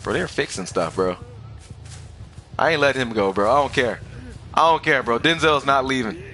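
A man hosting a gaming channel, giving excitable live commentary over gameplay, trash-talking the other players and laughing often. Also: medium pitch, moderate pace, soft background music.

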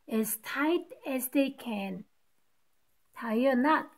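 Slow, patient woman teacher reading aloud. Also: sits high, lively intonation, a little mellow. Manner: patient, explains each rhyme to kids. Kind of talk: reading a picture book aloud to children.

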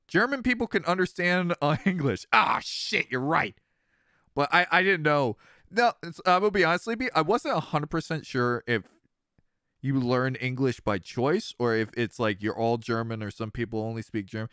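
Recorded at studio quality with no room sound, this thirtysomething let's-play streamer has a smooth, mid-range voice and a moderate pace. He's animated and jokey, laughing often while commenting on the game and chatting with viewers.

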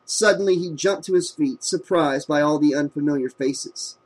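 A man narrating a horror novel in a steady, measured reading voice. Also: a little high. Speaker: audiobook narrator. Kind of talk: scripted narration.

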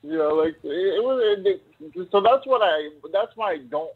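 Co-host, man, high voice, chatty rambler, phone-line sound. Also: animated, normal speed, slightly rough. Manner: chatty, rambling, piles up examples. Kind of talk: casual live-stream chat.

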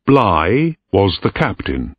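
A man slowly narrating a simple story for English learners, reading it clearly. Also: low-pitched, no echo. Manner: very slow, clear, lively intonation. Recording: dry tinny lo-fi recording.

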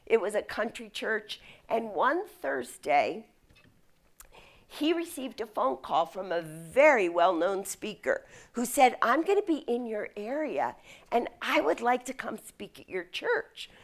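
A middle-aged woman from the United States giving a leadership lecture, telling stories in an animated way. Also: a little high, a little slow. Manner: storytelling, animated. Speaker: speaker.

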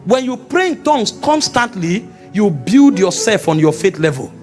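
A Nigerian man with a strikingly high voice for a man preaches at normal speed during a church meeting. He's animated and energetic, frequently breaking into shouts, while soft music plays quietly in the background.

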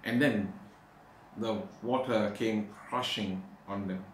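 A man preaching a sermon, pausing often with "uh" and slowing down to stress scripture verses. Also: lowish voice, steady tone. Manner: halting, with frequent "uh" pauses. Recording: echoey room, faint background noise.

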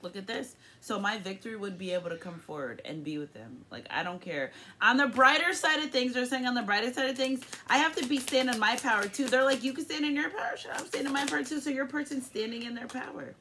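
A woman's voice: a little high, fast talker, hardly any pauses, pushed and bright, slight background noise. A woman reads tarot cards in an easygoing, rambling way. She's upbeat and drops profanity without a second thought. She talks to her viewers like old friends. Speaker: tarot reader. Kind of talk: casual tarot reading.

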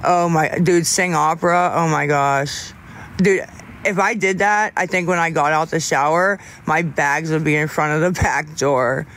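A young man on a casual livestream, answering chat in a rambling, halting way with many restarts, candid about staying sober. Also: on the high side, fairly even intonation, a bit bright.

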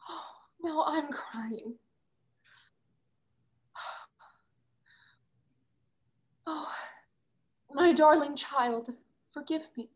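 A woman's voice: high voice, fairly bright tone. A young actress playing a proud, theatrical stage-star mother whose grand scolding turns tender, performed over a video call. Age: young adult. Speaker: student actor.

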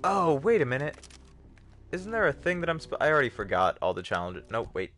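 A man's voice: on the high side, sing-song, a little fast, fairly bright tone, slight background noise. A man streaming a video game, joking and mocking himself as he chats with viewers. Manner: joking, self-mocking, talks to chat. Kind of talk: casual gameplay commentary.

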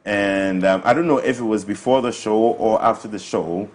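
A man hosting a casual panel chat, talking in lively asides and laughing now and then. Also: lowish voice, moderate pace. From Ghana. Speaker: host.

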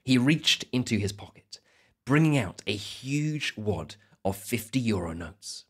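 Husky-voiced man hosting a learner podcast. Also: mid-range voice, animated. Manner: clear, measured storytelling for learners. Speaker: podcast host. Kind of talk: scripted educational narration.

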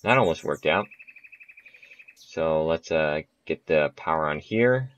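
Young guy with a really low voice chatting through a golf game, laughs at himself, kinda muffled dry recording. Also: expressive, slow, long pauses, no echo. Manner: chatty, self-mocking, laughs at his misses. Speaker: gaming channel host. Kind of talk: casual gameplay commentary.

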